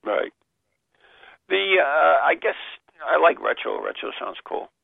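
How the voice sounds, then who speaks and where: A man's voice: a little high, big pitch swings, measured pace, creaky, dry recording, narrow, tinny audio. A man hosting a radio talk show, chatting and telling stories in a rambling way before signing off.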